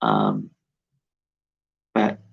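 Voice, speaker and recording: A man recording a personal video journal, talking in a reflective, halting way with many pauses and fillers. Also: rumbling low, very animated, creaky, breathy edge. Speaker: video diarist. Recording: dull lo-fi recording.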